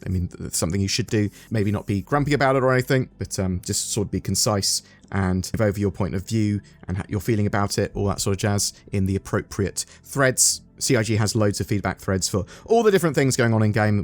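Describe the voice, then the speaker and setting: Chatty English man hosting gaming news. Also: on the low side. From England. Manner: chatty, often says "sort of". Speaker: gaming channel host. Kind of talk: casual gaming news commentary.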